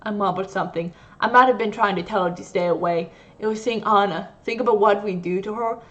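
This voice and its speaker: A woman gamer reads a visual novel aloud in a playful, animated way. Her voice sits at a middle pitch. A lo-fi mic dulls the sound. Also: a little fast. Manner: animated, playful dramatic reading.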